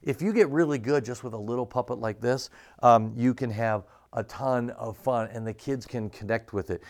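A man's voice: mid-range voice, moderate pace. A man who leads a church puppet ministry, giving a casual hands-on lesson on puppets, chatty and full of fillers. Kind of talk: casual instructional demo.

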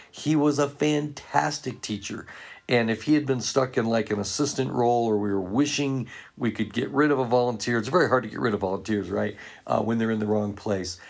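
Male ministry leader, gravelly voice, earnest anecdotal storytelling to a church audience. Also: mid-range voice. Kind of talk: storytelling talk to ministry workers.

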